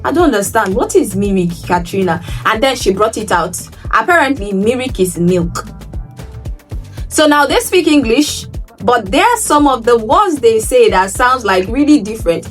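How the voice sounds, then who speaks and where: A woman from Nigeria telling stories to her travel vlog viewers, animated, often repeating words for emphasis. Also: fairly high pitch, normal speed, recorded from a distance, soft background music. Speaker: travel vlogger. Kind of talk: casual vlog storytelling.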